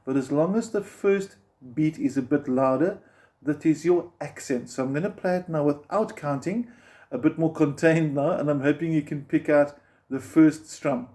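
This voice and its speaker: A man's voice: fairly high pitch, moderate pace, warm tone. A man teaching beginner guitar step by step, patiently explaining and counting the beats aloud as he strums.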